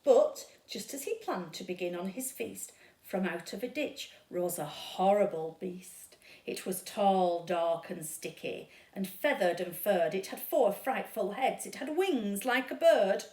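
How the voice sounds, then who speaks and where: A woman reading a children's story aloud at a storytime, slow and dramatic. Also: medium pitch, expressive, a little mellow, far from the mic. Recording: echoey room.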